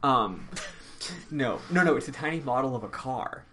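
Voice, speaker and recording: A man's voice: medium pitch, animated, normal speed, bright, forceful tone. Male podcast host with a mid-range voice and a faint hiss of background noise, chatty and rambling, full of ums. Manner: rambling and chatty, lots of um and uh, laughs easily. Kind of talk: casual game recap chat.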